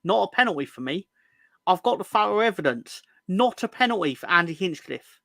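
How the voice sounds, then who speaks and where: A man's voice: high-pitched, sing-song, brisk, gravelly, sharp tone, no echo. A man co-hosting a casual football fan chat, full of sarcastic, sweary banter. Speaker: podcast co-host.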